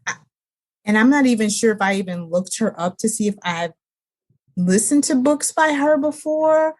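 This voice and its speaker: A woman's voice: a little high, lively intonation, a little mellow. A woman co-hosting a casual book-chat podcast, chatty and emphatic in her opinions. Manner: emphatic, drawn-out complaints, chatty. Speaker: podcast co-host.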